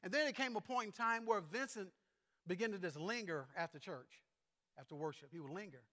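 A man preaching a sermon with personal stories, speaking earnestly and haltingly, often repeating words as he goes. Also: high-pitched, sharp tone. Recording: long hall reverb.

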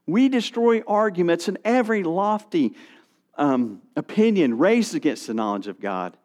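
A man's voice: sits high, sing-song, normal speed, a little mellow. A middle-aged male pastor preaching a sermon, reading scripture and animating his stories with quoted voices.

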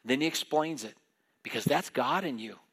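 A man delivering a sermon with animated energy. He drops into the voices of the people in his stories, retelling scripture as lively back-and-forth dialogue. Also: mid-range voice, normal speed, breathy edge. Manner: animated preaching, acting out biblical voices in dialogue. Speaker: preacher.

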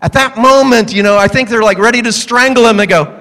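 A pastor delivering a humorous sermon to a congregation, animated and joking, acting out the voices in his stories. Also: very high-pitched, fairly quick, in a large hall.

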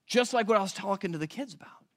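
A man's voice: high voice, quick pace, fairly bright tone. A man preaching a sermon as pastor in a church, talking conversationally, asking rhetorical questions and correcting himself aloud.

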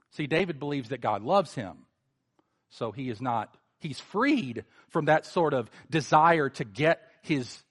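A male pastor preaching a sermon, animated, with sarcastic mocking asides. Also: mid-range voice.

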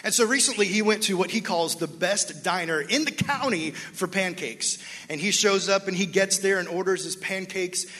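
A high-pitched male preacher tells a story from the pulpit, acting out every character's lines with lively energy. His voice is bright and forceful, and it rings through a reverberant church sanctuary. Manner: animated, acts out dialogue, laughs with congregation. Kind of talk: sermon with storytelling. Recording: long hall reverb.

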